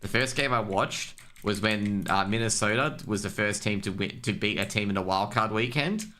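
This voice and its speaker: A young man streaming, chatting casually in a loose, profane, rambling way full of fillers and restarts, getting louder as he rants. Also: on the low side, moderate pace. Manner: gets worked up and louder when ranting.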